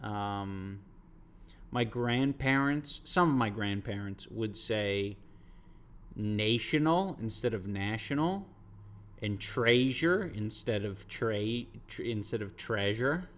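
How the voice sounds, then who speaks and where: A man with a lowish voice and lively intonation takes his time as he streams, casually chatting with viewers. He rambles, swears freely, and reacts to what the chat says.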